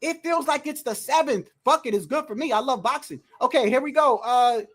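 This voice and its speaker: A livestream host giving casual, excitable fight commentary from home, full of slang, cursing and restarts. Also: high voice, brisk. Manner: excitable, loud outbursts, frequent slang and cursing; rambling restarts and repeated words. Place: indoors at home, wind and street heard outside.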